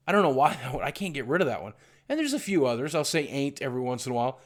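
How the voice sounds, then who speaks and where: A middle-aged YouTuber from southwestern Virginia talks in a medium-pitched, sing-song voice at a rapid-fire clip. His vlog monologue is candid, rambling and self-deprecating, full of restarts.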